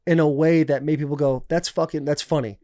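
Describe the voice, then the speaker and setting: A podcast host chatting casually with a guest, laughing easily and asking reflective questions. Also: male voice, a little high, steady tone, fairly quick, warm tone, no room sound, clean studio sound.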